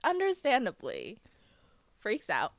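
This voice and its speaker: Woman, podcast co-host, casual book chat, expressive, animated pitch, dry close sound. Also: slow pace, no echo. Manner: expressive, swings from low asides to bursts.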